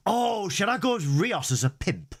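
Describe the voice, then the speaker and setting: A man's voice: sits high, sing-song, moderate pace. A man co-hosting a casual review show. He sounds exasperated and theatrical, and swears freely. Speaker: podcast co-host.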